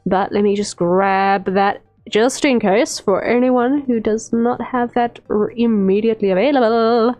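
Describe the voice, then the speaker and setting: Drawing on stream, this VTuber artist talks in a slightly high, darkish-toned voice, taking her time and wandering from thought to thought. Her casual chatter is packed with "um" fillers, and quiet stream music sits in the background.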